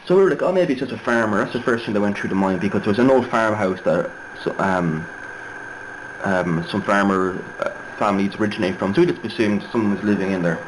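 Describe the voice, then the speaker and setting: A man's voice: fairly low pitch, a little fast, a little hiss or hum, rough recording. A young Irishman telling a story casually, rambling and digressive with many fillers and restarts. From Ireland. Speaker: vlogger.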